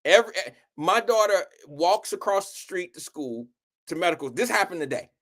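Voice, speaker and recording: Pitched on the high side and moving at a moderate clip, an Ohio man hosting a live stream tells wandering, expletive-heavy stories with plenty of animation and a casual air.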